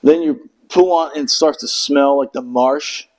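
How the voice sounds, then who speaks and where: Give me a middle-aged man telling a profane, meandering story in casual chat, his voice a touch higher than most men's. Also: measured pace, low-quality recording. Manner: profane, rambling, acts out quotes in raised voices. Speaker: Marine veteran guest.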